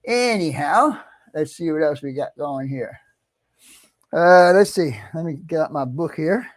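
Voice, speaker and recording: A middle-aged American man hosting a casual livestream, chatty and easygoing, greeting viewers one by one and clearing his throat often. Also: a little high, animated, measured pace. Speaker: livestream host.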